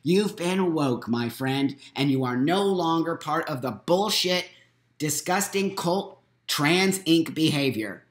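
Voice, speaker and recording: A man's voice: on the high side, expressive, slow. A middle-aged man hosting a live morning talk stream from his home, boisterous, blunt and profane, repeating his points for force. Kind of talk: unscripted live monologue. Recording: roomy echo.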